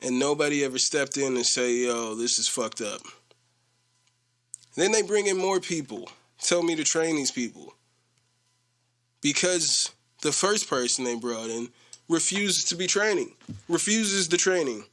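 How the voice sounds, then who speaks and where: A young man telling a story in a casual podcast rant, animated and slangy, laughing often. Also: moderate pace. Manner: animated, slangy, mimics coworkers with a low voice. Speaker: podcast host.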